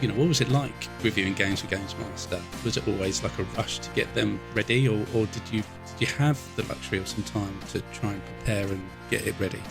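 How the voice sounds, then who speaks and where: A man's voice: fairly low pitch, fast, vocal fry, hardly any pauses, music in the background. A man from Essex with a southern English accent, hosting a podcast in casual chat and encouraging his guest with plenty of yeahs. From Essex, England. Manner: affable, encouraging, frequent yeahs and laughs. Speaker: podcast host.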